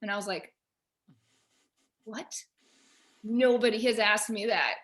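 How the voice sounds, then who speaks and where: A woman on a video call at home, telling a personal story in an animated way and quoting herself and others. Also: mid-range voice, brisk. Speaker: featured artist guest. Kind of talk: casual video call discussion.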